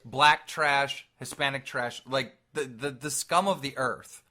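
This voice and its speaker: Bright-voiced young man telling stories. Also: medium pitch, unhurried. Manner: animated storytelling, laughs often. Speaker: podcast co-host. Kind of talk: casual podcast chat.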